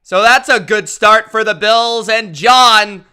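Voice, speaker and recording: A man hosting a live stream, calling football play-by-play with a hyped announcer-style delivery and shouting out his chat. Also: high voice, slow pace, clear, resonant tone. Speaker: live-stream sports commentator.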